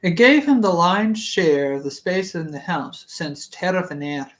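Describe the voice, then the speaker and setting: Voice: mid-range voice, animated, a little slow, fairly bright tone. A reader reading a fantasy book aloud casually, stumbling, laughing at slips and drifting into rambling asides. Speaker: audiobook reader.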